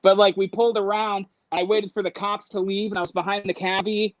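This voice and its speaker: Guy with a high voice telling a crazy story, acts out all the voices, dry close sound. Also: quick pace, few pauses, no room sound, poor audio. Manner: animated, acts out voices, laughs while telling. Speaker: guest. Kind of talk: casual storytelling.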